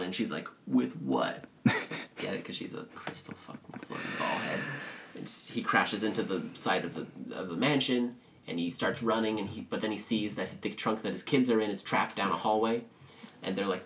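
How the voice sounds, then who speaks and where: A man's voice: fairly low pitch, a bit bright, slight background noise. A man co-hosting a podcast, recapping a film in casual chat, joking and sarcastic, acting out the characters' lines. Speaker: podcast co-host.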